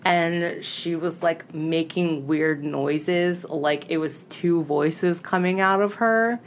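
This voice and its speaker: A woman's voice: fairly low pitch, slow pace, slight background noise. A woman casually telling ghost stories on a podcast, chatty and full of "like", acting out what people said. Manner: chatty, lots of "like", acts out quoted lines. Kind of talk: casual storytelling chat.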